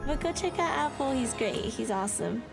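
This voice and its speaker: Bubbly high-voiced woman streamer. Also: moderate pace, gravelly. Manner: bubbly, excitable, greets chat. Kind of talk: casual live-stream chat. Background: background music.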